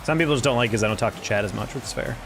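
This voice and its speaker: A young man streams a game and talks casually to his chat in a voice of middle pitch. He slides into slangy, profane rants about teammates. Faint game music plays under his voice. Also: rapid-fire, vocal fry. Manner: laid-back, ranting with profanity and slang. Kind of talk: casual gameplay commentary to chat.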